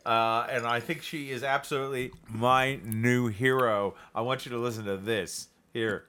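A man co-hosting a casual political chat, talking in a profane, animated way and laughing often. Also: mid-range voice, normal speed. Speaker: podcast co-host.

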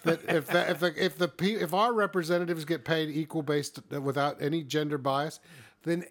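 Podcast co-host guy, dry sarcastic jokes, voice sits a bit high. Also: fairly even intonation, fairly quick, fairly bright tone. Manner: wry, sarcastic banter. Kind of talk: casual political chat.

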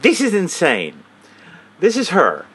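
A man's voice: high voice, huge pitch swings, slow pace, fairly bright tone, husky. A man hosting a comedic commentary, mocking and swearing casually while reading a statement aloud. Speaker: host.

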